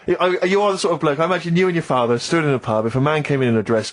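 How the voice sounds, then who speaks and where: A man's voice: on the high side, rapid-fire. A middle-aged man co-hosting a radio comedy chat, teasing his guest wryly and laughing readily. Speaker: radio co-host.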